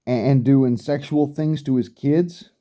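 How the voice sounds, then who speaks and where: Middle-aged man, very dark, mellow tone, blunt and profane, ranting in a vlog. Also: mid-range voice, fairly even intonation, measured pace. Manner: blunt, heavy swearing, repeats himself for emphasis. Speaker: vlogger. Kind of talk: profane rant.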